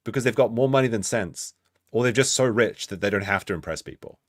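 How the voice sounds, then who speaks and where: A man's voice: fairly low pitch, fast, dry recording, studio quality. A man doing reaction commentary on a stream, mocking and sardonic as he picks apart a clip.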